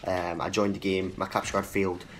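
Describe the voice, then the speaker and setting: Low-voiced gamer commentating over game noise. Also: male voice, brisk. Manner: excitable, swears freely, talks to the players on screen. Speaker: gaming channel host. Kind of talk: live gameplay commentary. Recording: game sounds under the voice, clearly audible.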